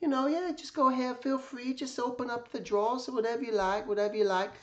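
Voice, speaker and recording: A kindly elderly illustrator speaks softly and easily, in a voice pitched well above the teller's own, put on by a man recounting a visit. He sounds generous and unhurried. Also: steady tone, muffled recording. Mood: gentle, offhand. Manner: soft, easygoing, offhand.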